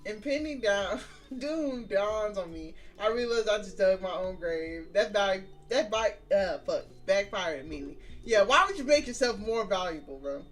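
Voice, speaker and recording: A streamer reads a story game aloud and keeps breaking off for casual, profane, joking commentary. The voice sits at an ordinary middle pitch. Faint music plays underneath. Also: animated, moderate pace, few pauses, fairly bright tone, far from the mic. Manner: casual, profane, joking asides between read lines. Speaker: gaming streamer.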